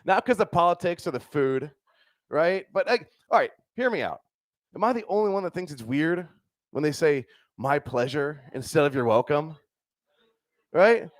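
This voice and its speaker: A man's voice: high voice, expressive, normal speed, dry recording. Crude young male stand-up comic, dry sound. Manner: loose and crude, lots of "dude" and "right?". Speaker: stand-up comedian. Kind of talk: stand-up comedy set. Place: comedy club stage.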